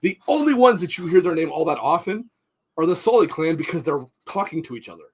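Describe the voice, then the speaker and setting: A man's voice: on the high side, expressive, fast talker, breathy edge. A man, co-hosting a casual podcast, who talks bluntly, swears freely and stumbles over repeated words when worked up. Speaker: podcast co-host. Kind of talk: casual chat.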